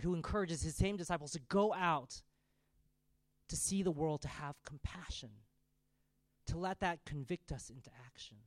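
A man in his thirties preaching a sermon, telling a family story in a conversational, animated way. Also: fairly high pitch, no room sound.

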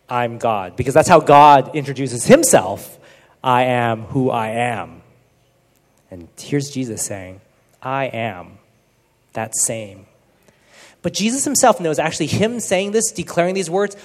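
Earnest male Bible teacher, fairly high voice, casual delivery with hushed emphasis, echoing room. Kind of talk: informal teaching talk. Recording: long reverb.

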